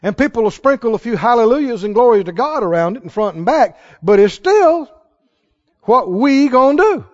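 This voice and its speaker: A man preaching a sermon, dramatic and animated, quoting scripture and building to shouted peaks. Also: very high-pitched, moderate pace, dull audio.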